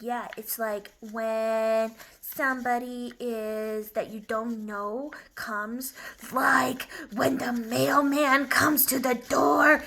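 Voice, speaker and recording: A woman voicing an excitable young male puppet dog who bursts into loud barking. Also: fairly high pitch, slow pace, creaky, hardly any pauses, heavily acted. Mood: worried.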